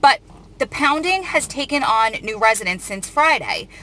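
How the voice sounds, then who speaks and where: A woman's voice: a little high, big pitch swings, moderate pace, bright, forceful tone. A woman host reading out a news article and commenting on it, earnest and emotional, often restarting her sentences.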